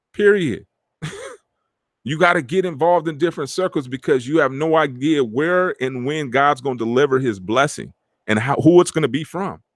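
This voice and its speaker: A middle-aged man hosting a podcast, talking in animated street slang and acting out the friends he quotes. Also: fairly high pitch, no echo, clean studio sound. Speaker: podcast host. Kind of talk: casual motivational talk.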